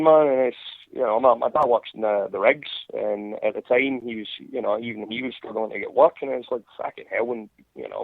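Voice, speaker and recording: A man's voice: medium pitch, vocal fry, no echo. A Scottish man chatting casually and profanely, rambling with many restarts, as a podcast host. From Scotland. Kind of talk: casual chat over a call. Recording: tinny phone-line sound.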